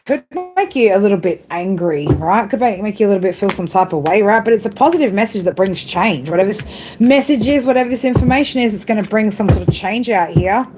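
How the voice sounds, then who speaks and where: A woman's voice: mid-range voice, fast talker, background noise. A woman giving a live tarot reading in a blunt, profane monologue, ending nearly every phrase with a tag question. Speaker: tarot reader.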